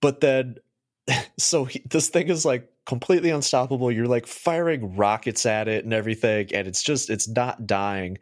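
A man's voice: medium pitch, fairly even intonation, normal speed. Laid-back young man chatting. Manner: laid-back, many fillers, laughs easily. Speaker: podcast co-host. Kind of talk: casual chat.

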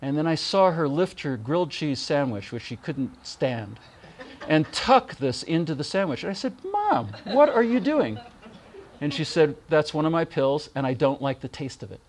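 A middle-aged man gently and warmly telling personal stories in a remembrance talk, with soft pauses. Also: fairly high pitch. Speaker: speaker giving a spiritual reflection.

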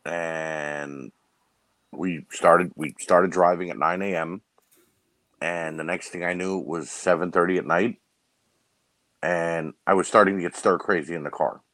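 Low-voiced man telling stories on a podcast. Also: measured pace, no room sound. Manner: animated storyteller, giggles and imitates voices. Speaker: podcast panelist. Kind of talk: casual chat.

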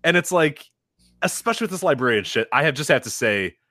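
A man co-hosting a wrestling podcast in casual chat. He talks fast, with his pitch swinging widely as he acts out what other people said. He laughs often and swears freely, in a dry, close recording. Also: expressive, bright, forceful tone, no room sound, faint music behind. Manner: acts out quoted people in changed voices. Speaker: podcast co-host.

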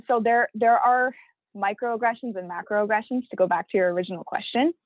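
A woman's voice: medium pitch, fairly quick, no echo. A young woman from Toronto, a podcast interview guest, explaining her views in an earnest, thoughtful way. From Toronto, Canada. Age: young adult. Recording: dry phone-like audio.

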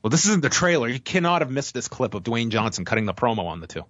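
A man talks through wrestling storylines as a podcast guest, measured and opinionated, with a fondness for figures of speech. His voice comes through dry and a little dull, as if from a remote line. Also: medium pitch, very animated, a bit bright, no echo. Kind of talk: analytical casual chat.

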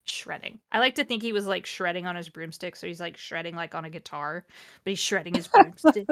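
A woman's voice: fairly low pitch, animated, brisk, no echo, clean studio sound. A woman hosting a podcast, reading a fanfiction aloud and breaking off for wry, exasperated asides. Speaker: podcast host.

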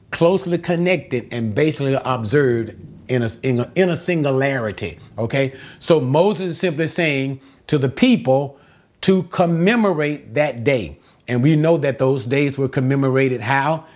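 A man's voice: medium pitch, darkish tone. A man teaching a verse-by-verse Bible lesson, who asks rhetorical questions, answers them himself and repeats words for emphasis.

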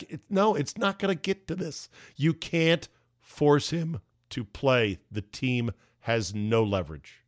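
Hoarse man ranting emphatically. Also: mid-range voice, slow pace, no room sound, studio quality. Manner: emphatic, ranting, sarcastic asides. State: voice going hoarse. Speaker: podcast host. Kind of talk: opinion monologue.

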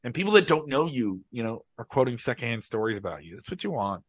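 A man's voice: medium pitch, big pitch swings, fast talker, husky, dry recording. Male podcast guest, emphatic and passionate, close dry mic. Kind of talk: casual podcast chat.

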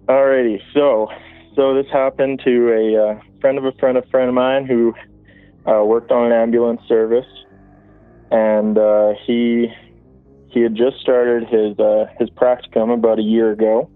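A man phones in to a show to share a spooky story, rambling casually with lots of fillers and false starts. His lowish voice has vocal fry and no room sound, coming through a tinny phone line.

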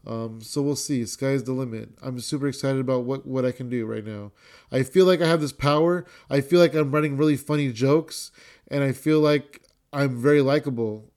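A middle-aged man hosting his own podcast, chatting casually and excitedly, rambling with many restarts and repeated words and some swearing. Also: medium pitch. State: a bit winded. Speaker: podcast host. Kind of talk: casual solo podcast chat.

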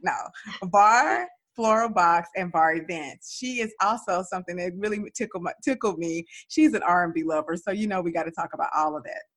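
A woman's voice: on the low side, fairly quick, hardly any pauses, a bit bright. Southern-accented woman hosting a chatty podcast. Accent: Southern US, Dallas. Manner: upbeat, chatty, lots of y'all and girl. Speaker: podcast host. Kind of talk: casual podcast chat.

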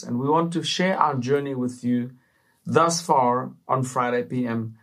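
Upbeat preacherly male talk-show host. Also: a little high. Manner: upbeat, preacherly, with frequent fillers. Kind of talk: casual faith talk to camera.

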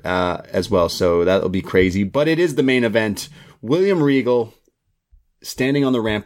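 A man co-hosting a casual wrestling review podcast, excitable, swearing and acting out what wrestlers said. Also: lowish voice. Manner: excitable, swears, acts out quotes. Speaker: podcast co-host.

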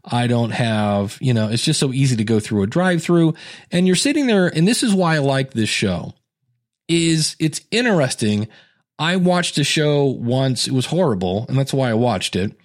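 A man chatting casually about a TV show, with animated asides and quick mock voices. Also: medium pitch. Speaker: show reviewer. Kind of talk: casual chat.

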